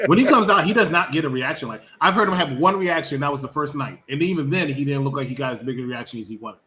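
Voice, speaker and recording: Fast, bright-voiced man ranting about wrestling. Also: a little high. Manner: rambling, animated, jokey with mocking impressions. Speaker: wrestling review show co-host. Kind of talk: casual wrestling review chat.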